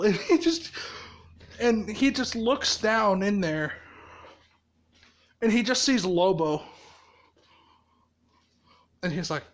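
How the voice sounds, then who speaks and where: Laughing, profane storyteller, slow unhurried telling, casual improv. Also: medium pitch, animated. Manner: laughs often, swears heavily.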